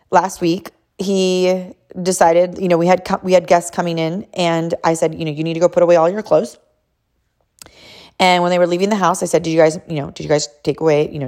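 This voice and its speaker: A woman's voice: lowish voice, darkish tone. A woman in her thirties, a mother casually telling a story about her son in an emphatic, chatty way, often calling listeners "y'all".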